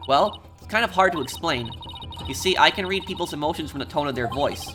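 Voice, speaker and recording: A man's voice: on the high side, animated, fairly quick, music in the background, lightly acted. A man voicing an earnest young woman assistant lawyer who explains things carefully.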